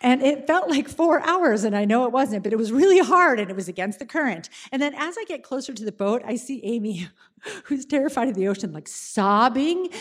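A woman telling a personal story to an audience, animated and dramatic, slowing down for suspense. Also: high-pitched.

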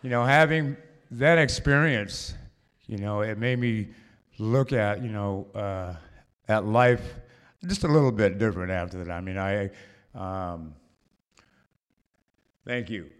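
A man telling a personal story to a live audience, halting and rambling, full of fillers and restarts. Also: fairly low pitch, clean tone.

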